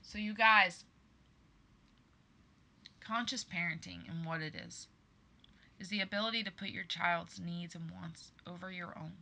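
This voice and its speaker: This podcast host in her thirties has a lowish, creaky voice with a bright, forceful tone, and she speaks at a measured pace with frequent pauses. Addressing listeners as "you guys," she gives an earnest, emphatic personal monologue.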